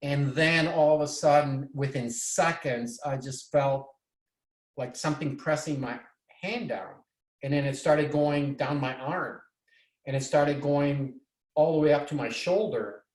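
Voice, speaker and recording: A man from Bolivia telling a personal story in an excited, rambling way, often restarting his sentences. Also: fairly high pitch, unhurried. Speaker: presenter. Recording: echoey room.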